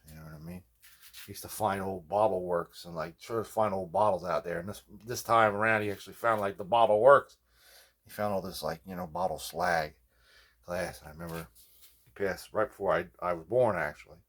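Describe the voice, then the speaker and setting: A man's voice: low voice, fairly quick, gravelly, fairly bright tone. Rambling guitar builder man telling stories. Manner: rambling, digressive, constant "you know what I mean". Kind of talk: casual rambling storytelling vlog.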